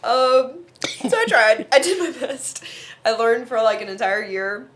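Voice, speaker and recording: A young Omani woman in her twenties, a musician who co-hosts a podcast, tells a personal story in casual chat. Her voice is fairly high and her pace measured, and she's an animated storyteller who acts out the quotes.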